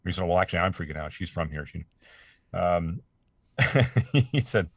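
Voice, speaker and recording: Casting note: man, voice actor guest, very deep voice, chatty, stumbles over restarts, dry close studio mic. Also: normal speed, slightly rough, no room sound. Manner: animated, stammering restarts, laughing asides. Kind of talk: casual interview chat. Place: home studio.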